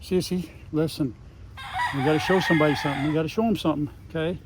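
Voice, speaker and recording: A man's voice: fairly high pitch, fairly even intonation, quick pace, background noise. An older man chatting casually outdoors on his farm, talking to his dogs and to the camera as he goes. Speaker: farm vlogger.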